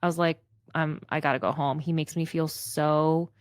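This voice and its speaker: A woman's voice: low voice, fairly even intonation, normal speed, no room sound, clean studio sound. A woman in her thirties co-hosting a podcast, chatting casually and retelling her own stories with quoted asides. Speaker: podcast co-host. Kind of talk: casual chat.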